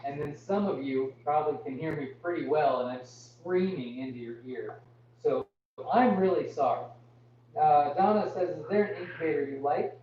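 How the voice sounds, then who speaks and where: A man's voice: fairly high pitch, normal speed. Strained young man hosting a farm livestream. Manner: apologetic, self-deprecating, reads comments aloud and answers. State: straining his voice to talk loudly. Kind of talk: live Q&A reading chat comments. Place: indoors on a farm. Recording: muffled, distant, echoey, with hum.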